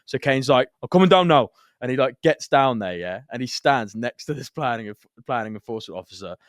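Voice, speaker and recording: A man's voice: mid-range voice, fairly quick, dry recording, clean studio sound. A man co-hosting a property podcast from England, telling site stories in casual chat and laughing often. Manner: laughing storyteller, acts out quotes loudly. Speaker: podcast co-host.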